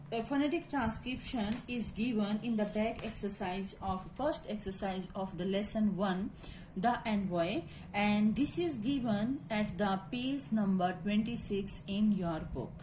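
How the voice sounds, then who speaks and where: A woman teacher talks through a phonetics lesson at a slow, deliberate pace. She spells words out letter by letter and keeps checking that her students follow. Her voice sits at a middle pitch over faint background noise. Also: darkish tone. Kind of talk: classroom lecture on phonetics.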